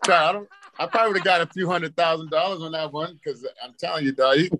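His voice is on the high side and his pace quick as he shares a wild personal tale on a podcast. The casual storytelling is full of profanity and energy, with him acting out his own reactions.

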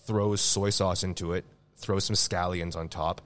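A man, a guest chef, telling a profane, animated story in casual podcast chat. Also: low voice, unhurried. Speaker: guest chef and restaurant owner.

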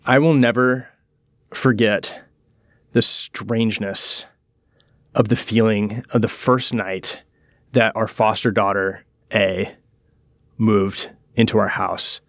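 A man, a pastor and podcast guest, telling a personal story in an earnest, reflective way and slowing down on key words. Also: fairly low pitch, fairly even intonation, a bit bright, no echo, studio quality.

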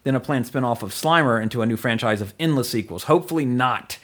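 A man's voice: mid-range voice, fast talker, a bit bright, slightly rough. A man hosting a casual movie podcast, rambling with lots of fillers and laughing easily. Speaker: podcast host.

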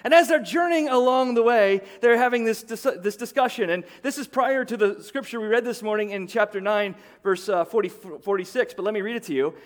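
A middle-aged man preaching a sermon as pastor, in a conversational way that often repeats words and builds into excited bursts. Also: high-pitched, brisk, few pauses.

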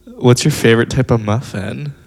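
A man with a gravelly, mid-pitched voice chats casually on a podcast, teasing his co-host and swearing offhandedly. A long reverb trails behind his words. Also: moderate pace, darkish tone.

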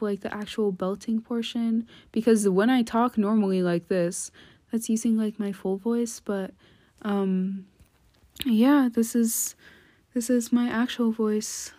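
A woman's voice: fairly high pitch, darkish tone. A teenage girl hosting a casual solo podcast from home on her phone, rambling and chatty with lots of ums and giggly asides. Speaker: podcast host. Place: at home, indoors.

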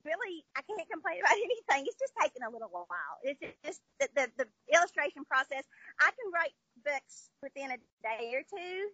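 A woman's voice: sits high, big pitch swings, a little fast, sharp tone, no room sound, muffled recording. A woman with a Southern American twang, a children's book author chatting upbeat in an interview, with many fillers. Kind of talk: casual interview chat.

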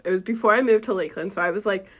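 A young woman in her twenties hosting a casual chat, animated and laughing with lots of fillers. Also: mid-range voice, very fast. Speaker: podcast host.

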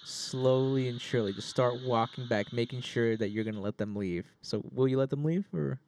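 A man's voice: mid-range voice, normal speed, a little mellow, a little hiss or hum. A man narrating as game master in a casual tabletop session, laughing and lightly putting on voices.

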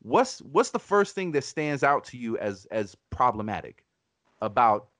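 A man's voice: mid-range voice, very animated, measured pace, a bit bright, dry recording. A podcast host argues his case with blunt, emphatic, profane conviction. His voice sits in the middle range. The recording is dry and close. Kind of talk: casual podcast debate.

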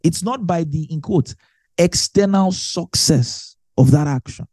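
Husky, warm preacher man. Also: on the high side, measured pace, no room sound, studio quality. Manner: emphatic, repeats key phrases, animated. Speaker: Bible teacher. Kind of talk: sermon teaching.

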